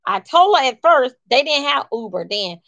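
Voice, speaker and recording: A woman telling a personal story in a casual, colloquial way, emphatic and animated, acting out what people said. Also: high voice, normal speed, gravelly, dry recording, lo-fi sound. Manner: animated and emphatic, colloquial, acts out quoted lines.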